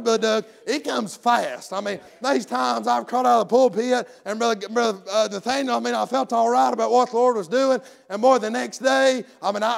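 A man preaching a folksy, rambling sermon, calling out to members of the congregation by name and swinging between soft asides and shouted bursts. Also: very high-pitched, creaky.

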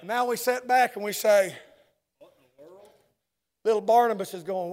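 A man's voice: sits high, a little slow, a little mellow. A man preaching a sermon in church, building with repeated phrases and asides to the congregation.

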